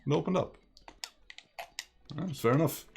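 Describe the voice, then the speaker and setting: A man's voice: a little high, a little slow, gravelly, darkish tone. Chatty, joking male streamer. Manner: joking, chatty, laughs often. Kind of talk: casual game commentary, reading dialogue aloud.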